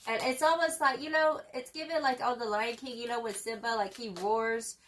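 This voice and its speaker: A woman's voice: on the high side, fairly even intonation, normal speed, a bit bright, a little hiss or hum. A young woman giving a casual tarot reading, slangy and profane, hyping the viewer up with repeated catchphrases. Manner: slangy, profane and emphatic, full of fillers. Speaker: tarot reader.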